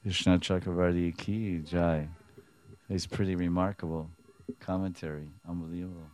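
A low-voiced man delivers an animated scripture commentary and keeps acting out bits of dialogue as he explains. His delivery is lively and storytelling. The recording is dry, with no room echo. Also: normal speed. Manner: animated storytelling, acts out dialogue, chuckles often. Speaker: spiritual teacher.

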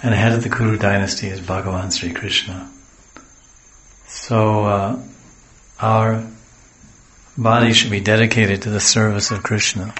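A man with a fairly low voice tells a sacred story as a sermon. He drifts into homely side stories and acts out the speakers. The room around him rings with echo. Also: flat delivery, unhurried, long pauses, fairly bright tone. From the West. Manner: digressive, homely asides, acts out quotes. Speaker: spiritual teacher.

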